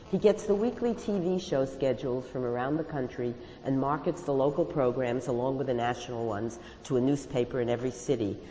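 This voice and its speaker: A woman author reading her own first-person stories aloud with a wry, confiding manner, pausing to explain them. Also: a bass voice, warm tone, big-room sound, slight background noise, low-quality recording.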